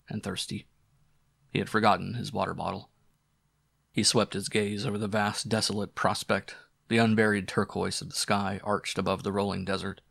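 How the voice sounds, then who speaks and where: A man narrating a weird-fiction audiobook in measured, descriptive storytelling. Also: on the low side, vocal fry, a bit bright, no room sound, clean studio sound. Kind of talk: scripted narration.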